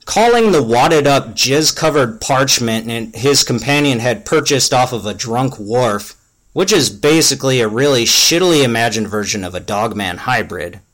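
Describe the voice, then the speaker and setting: A man reading a crude comic fantasy story aloud in a deadpan, mock-epic way. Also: medium pitch, moderate pace. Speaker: story reader.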